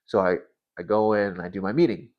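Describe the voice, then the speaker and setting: A man in his thirties sharing a personal faith story in an earnest, halting way, often restarting his words. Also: deep voice, muffled recording. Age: 30s. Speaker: Christian vlogger.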